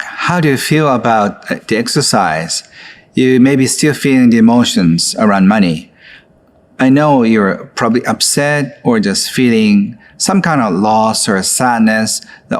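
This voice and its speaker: A man who leads a guided exercise in an online course, speaking gently and coaxingly with frequent filler words. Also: mid-range voice. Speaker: course instructor.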